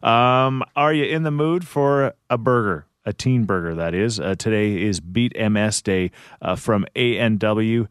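Low-voiced laid-back radio host. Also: male voice, clean tone, no room sound, studio quality. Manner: easygoing, frequent filler pauses. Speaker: radio morning show host. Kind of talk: casual radio banter and news rundown.

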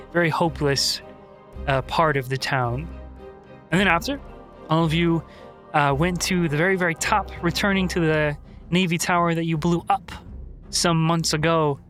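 A young man acting as game master, chatty and rambling as he recaps the story so far. His voice sits a bit high, and faint music plays underneath. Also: fairly bright tone. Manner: rambling, with many fillers.

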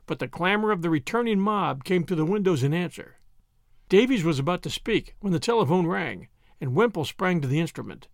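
A man narrating an adventure novel in an expressive, dramatic reading style. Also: high-pitched, brisk, vocal fry, no echo, clean studio sound. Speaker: audiobook narrator. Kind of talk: scripted narration.

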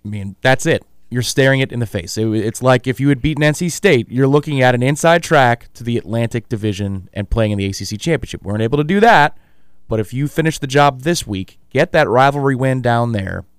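A man co-hosting a sports talk radio show, trading quick, joking banter. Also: mid-range voice, expressive, smooth, dry recording, clean studio sound. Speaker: radio co-host.

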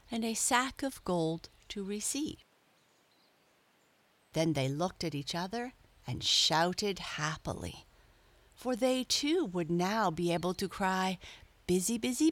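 Unhurried woman reading a storybook. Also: lowish voice. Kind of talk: scripted storybook narration.

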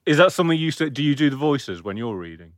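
A man's voice: a little high, sing-song, fast, no room sound, studio quality. A man hosting a podcast interview, telling rambling anecdotes and laughing easily. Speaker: podcast host. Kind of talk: casual interview chat.

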